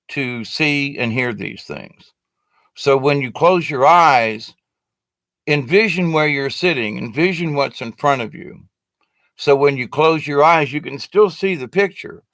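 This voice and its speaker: A man's voice: medium pitch, a bit bright, no echo. A man giving a casual, rambling spoken teaching to a live stream audience, talking to his webcam with many fillers and restarts. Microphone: webcam facing the speaker.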